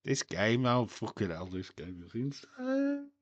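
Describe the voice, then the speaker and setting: A man's voice: mid-range voice, huge pitch swings, unhurried, dry recording, lo-fi sound. A man streaming a live watchalong, chatting casually with crude jokes and frequent laughs. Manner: crude, jokey, laughs often.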